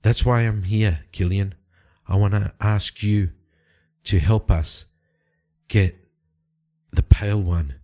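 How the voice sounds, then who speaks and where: A man's voice: on the low side, slow, long pauses, dark tone. A man voicing an urgent female informant who asks an old ally for help and explains things in earnest, rambling bursts.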